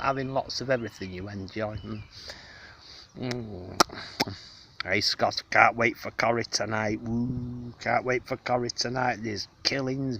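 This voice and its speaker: Against a noisy background, a mid-range-voiced man vlogs outdoors in the countryside on a hot day. He chats to the person filming him, rambling affectedly and genteelly with plenty of fillers.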